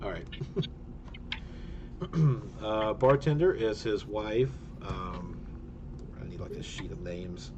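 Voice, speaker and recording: A man's voice: on the low side, takes it slowly, pauses often, noisy background. A man narrating a tabletop game as game master, chatty, with many fillers and frequent laughs.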